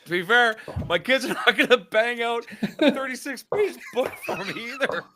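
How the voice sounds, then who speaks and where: A man in easygoing conversation whose pitch swings up and down as he jokes and tells stories. His voice stays mid-range, and a faint hiss of noise sits under the recording. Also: moderate pace. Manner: animated, laughing storyteller. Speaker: co-host. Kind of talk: casual chat.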